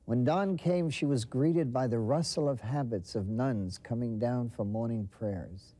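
A man narrating a saint's life story in a measured, storytelling way. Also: mid-range voice, dark tone. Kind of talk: scripted documentary narration.

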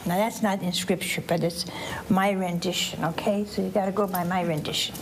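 A woman's voice: mid-range voice, fairly quick, noisy background. A woman preacher, telling a Bible story in church and asking the listeners questions. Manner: animated, asks the audience questions, acts out voices. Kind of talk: storytelling sermon to children and families.

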